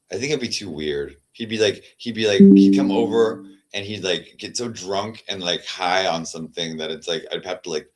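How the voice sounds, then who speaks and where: Streamer, male, deep voice, halting rambling chat that trails off into murmurs. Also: darkish tone. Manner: halting, repeats words, trails off. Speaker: livestreamer. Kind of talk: rambling casual livestream chat.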